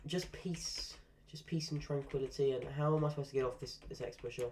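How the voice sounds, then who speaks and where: A man's voice: mid-range voice, fairly even intonation, a little fast, a little mellow, a little hiss or hum. Stuffy-voiced man grumbling through a game. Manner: dry, grumbling, self-mocking. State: congested from a cold. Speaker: gaming streamer. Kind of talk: casual gameplay commentary.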